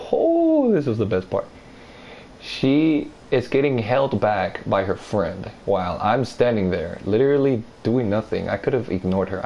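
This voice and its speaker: A man with a fairly low voice tells a personal story in a casual, rambling way. He swears freely and keeps circling back. When he quotes other people, he mimics them in a higher voice. A faint noise sits behind him. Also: vocal fry, low-quality recording. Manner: rambling, profane, animated retelling; acts out others' lines in a higher voice. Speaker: vlogger telling a story.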